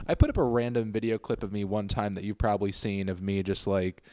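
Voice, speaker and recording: A man hosting a casual interview, chatty and quick to laugh. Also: on the low side, fairly even intonation, mellow. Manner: chatty, laughs easily, breaks into silly voices. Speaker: interview host.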